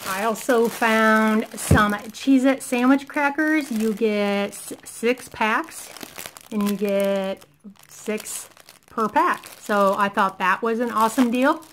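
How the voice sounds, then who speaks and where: A woman in her thirties talks through her shopping haul in a casual vlog, gushing over each find. Her voice sits a bit high, she takes her time, and it sounds a little worn, as if she is losing her voice. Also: takes it slowly, a bit bright, slight background noise. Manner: chatty and enthusiastic, gushing over finds. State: losing her voice, clearing throat. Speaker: vlogger showing a shopping haul.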